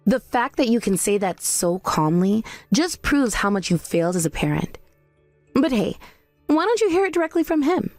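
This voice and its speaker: A woman plays a young fiancée in a storybook drama, cutting and accusing in tone. Her voice is a bit high with a wide, lively pitch, recorded close and dry. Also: moderate pace, dry recording, soft background music.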